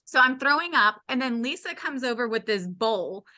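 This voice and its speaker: Woman, bright and forceful tone, fairly high voice, candid storyteller, wry humor. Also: moderate pace. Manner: animated, acts out the voices of others in her story. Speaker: podcast guest. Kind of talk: casual storytelling.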